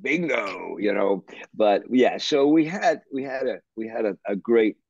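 An older man from Canada telling a rambling story in a husky, breathy voice. He is animated, with restarts and the odd curse. The recording is dry and dull. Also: lowish voice, a little slow, dry recording. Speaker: interview guest, musician. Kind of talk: anecdotal storytelling.

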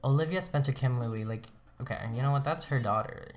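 A man's voice: mid-range voice, a little fast. A young man casually commenting on his gameplay as a let's play host, chatty and rambling, often laughing at himself.

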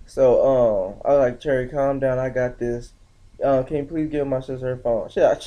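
A young man telling a story casually on his vlog, slangy and animated, acting out the other people's lines in shifting voices. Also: medium pitch, normal speed, muffled recording. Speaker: vlogger.

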